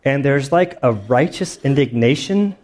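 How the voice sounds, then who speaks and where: Man, pastor, casual anecdotal sermon, mid pitch, acts out his stories. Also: a little slow. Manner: casual storytelling, animated retellings.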